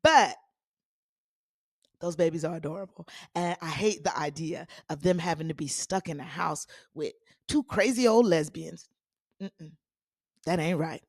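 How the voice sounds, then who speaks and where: A woman hosting a solo commentary podcast, talking in a sassy, animated way with playful asides to her listeners. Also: low-pitched, unhurried, long pauses, no echo, clean studio sound. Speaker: podcast host.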